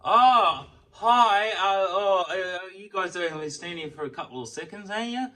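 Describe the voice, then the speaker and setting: A man doing a stoned servo attendant who slurs, stalls and fumbles through his words, pitched up and loud. The voice is sharp and bright, and it sits a little away from the mic. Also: animated, measured pace, far from the mic, full character voice, rough recording. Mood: dazed. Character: dazed, stoned male petrol station attendant.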